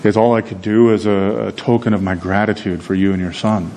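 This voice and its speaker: A man's voice: on the low side, level tone, fairly quick, warm tone, a little hiss or hum, lightly acted. A man voicing a humble young Marine in a sermon story, earnest and hesitant. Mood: modest. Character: humble young male Marine, grateful and shy.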